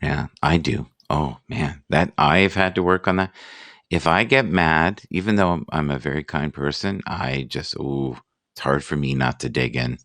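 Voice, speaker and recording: A man hosting a casual live morning chat, musing and self-deprecating, reading out sayings slowly. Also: extremely low pitch, fairly bright tone, no echo.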